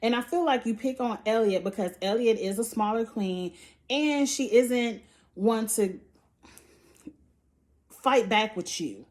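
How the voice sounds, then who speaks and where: A woman's voice: a little high, a little slow, long pauses, a little mellow. A woman hosting a casual recap vlog, blunt and profane with lots of slang, animatedly acting out quotes. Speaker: show reviewer and channel host.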